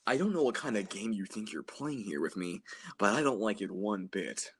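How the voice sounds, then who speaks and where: A young man playing a tough, swaggering government interrogator, with a gruff, mock-menacing delivery in a casual podcast bit. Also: lowish voice, lively intonation, moderate pace, no echo.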